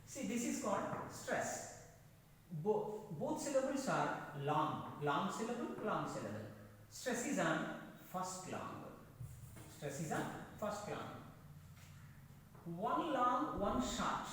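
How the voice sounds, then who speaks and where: Slow, lively-voiced teacher. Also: male voice, high voice. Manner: slow, repeats phrases, emphatic rises and drops. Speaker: English teacher. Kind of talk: classroom lecture. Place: echoey classroom. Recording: echoey room, distant mic, faint hiss.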